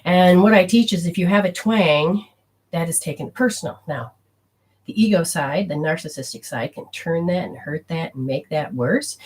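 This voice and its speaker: Woman spiritual teacher, live-stream talk; breathy, husky tone, lively and casual, a bit salty. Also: on the low side, moderate pace. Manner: animated, chatty, acts out quotes, swears casually.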